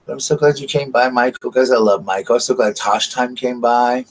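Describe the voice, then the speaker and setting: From the Southern United States, a man chats casually and gushingly to his live stream viewers, full of fillers, at home at night by candlelight. His mid-range voice is brisk with fairly even intonation, and the recording quality is low.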